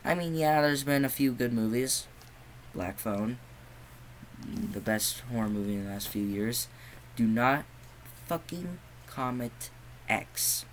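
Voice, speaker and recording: A man's voice: mid-range voice, expressive, slow pace, long pauses, poor audio. Young male reviewer, casual and profane, mid-range voice, faint background noise. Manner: profane, exasperated ranting; sarcastic. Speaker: movie reviewer.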